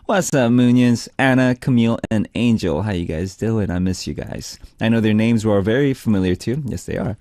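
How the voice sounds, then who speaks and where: A man hosting a music radio show, reading out listener messages in a relaxed, chatty way. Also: mid-range voice, moderate pace, dry recording, clean studio sound. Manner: relaxed, chatty, lots of "like" and "you know". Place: radio studio. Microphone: studio microphone.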